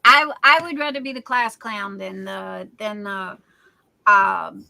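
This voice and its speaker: A woman's voice: mid-range voice, fairly even intonation, slow, gravelly, pushed and bright, poor audio. A woman hosting a casual livestream, reading out viewer comments in a silly, chatty way. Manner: chatty and silly, self-described class clown. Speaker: livestream host.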